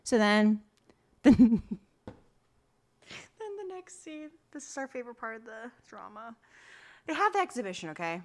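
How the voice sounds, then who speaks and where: A woman co-hosting a podcast, recapping a drama in casual chat, telling it with lively quoted asides. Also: fairly high pitch, slight background noise. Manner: animated storytelling with quick quoted asides and laughs. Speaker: podcast co-host.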